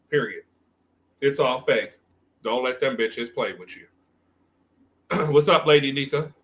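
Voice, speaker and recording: A man's voice: fairly high pitch, pushed and bright. A man hosting a livestream, giving blunt, profanity-heavy trash talk and rambling commentary that circles back on itself. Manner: rambling, repeats himself. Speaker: livestream host. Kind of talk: unscripted stream commentary.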